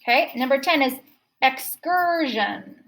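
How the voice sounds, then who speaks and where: A woman teaching a second grade phonics lesson, slowly repeating words to show which syllable is stressed. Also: high voice, fairly bright tone, low-quality recording.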